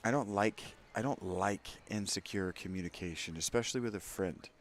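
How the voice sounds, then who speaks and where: A man's voice: lowish voice, normal speed, soft background music. A man hosting a let's play, giving candid, opinionated gameplay commentary with rambling asides to his viewers.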